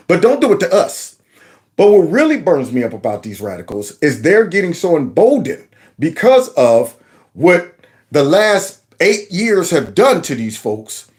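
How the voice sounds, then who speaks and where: A man with a fairly high-pitched voice hosts casual political commentary. He's mocking and animated, with lots of fillers and restarts.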